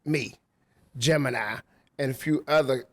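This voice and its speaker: A man's voice: mid-range voice, unhurried, a bit bright, no echo. A man who works as a radio DJ, talking casually in a loose, slangy storytelling way. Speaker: radio DJ guest. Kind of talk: casual chat. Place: rooftop venue.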